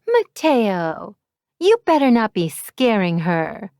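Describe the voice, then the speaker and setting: A woman's voice: medium pitch, sing-song, takes it slowly, a little mellow, no room sound, clean studio sound. A woman voicing a cheerful young woman who teases her partner, in a storybook reading. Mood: teasing.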